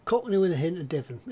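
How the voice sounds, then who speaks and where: Reading viewer comments aloud on his live stream, this older man chats in a high-pitched, husky, slightly mellow voice. His talk is rambling and hesitant, peppered with ums and false starts.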